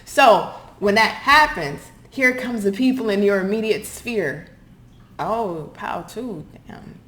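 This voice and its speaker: A woman's voice: medium pitch, expressive, takes it slowly, a bit bright. A woman giving a channeled pick-a-card tarot reading, talking emphatically and passionately, cursing now and then. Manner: passionate, emphatic, swears and apologizes; acts out quoted people in mocking voices. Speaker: tarot reader.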